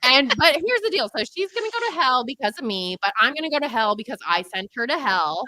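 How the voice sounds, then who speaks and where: A woman's voice: high-pitched, fast talker, dry recording, poor audio. A woman co-hosting a podcast, telling a crude funny story in casual chat and acting out the voices. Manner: animated, crude jokes, acts out voices. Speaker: podcast co-host.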